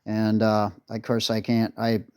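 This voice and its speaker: A man's voice: lowish voice, completely flat delivery, a little slow, darkish tone, smooth. A man in a workshop talking casually through a tractor repair, blunt and rambling, swearing when irritated. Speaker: restoration video maker.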